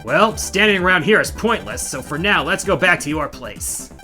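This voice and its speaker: A man voicing a cocky male alien creature with a gruff, dismissive manner. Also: high voice, animated, moderate pace, bright, forceful tone, soft background music, heavily acted.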